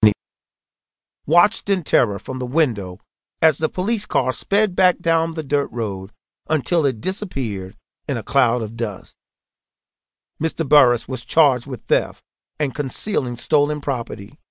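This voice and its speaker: A man narrating an audiobook in a steady, earnest way. His voice sits at an ordinary middle pitch. It is recorded close and dry, with no room sound at all. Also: measured pace, no room sound.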